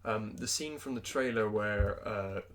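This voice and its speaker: A man's voice: on the low side, a little slow, fairly bright tone. A young man co-hosting a podcast, casually walking through his thoughts on a film in long run-on sentences. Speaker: podcast co-host.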